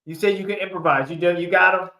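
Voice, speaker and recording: A man's voice: high voice, fast talker, pushed and bright. A man hosting a casual livestream sports chat, talking in a playful, laughing way as he hypes up the picks. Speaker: host. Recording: echoey room.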